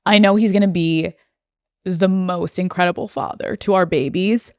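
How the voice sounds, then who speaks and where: A woman's voice: lowish voice, steady tone, moderate pace, no room sound. A young woman hosting a solo podcast, talking in an emotional, confessional way and close to tears, recorded on a studio microphone. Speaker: podcast host. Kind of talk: personal solo podcast monologue.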